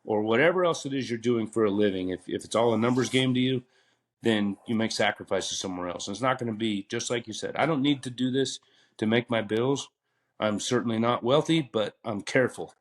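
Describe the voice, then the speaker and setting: A man's voice: medium pitch, a little fast. A talkative man in his fifties, a retired butcher telling long stories in a casual podcast interview, rambling with fillers and restarts. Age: 50s.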